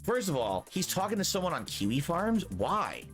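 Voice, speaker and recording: A middle-aged man streaming, lecturing his viewers in a preachy, drawn-out way and repeating his warnings. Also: high voice, very animated, soft background music. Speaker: live streamer.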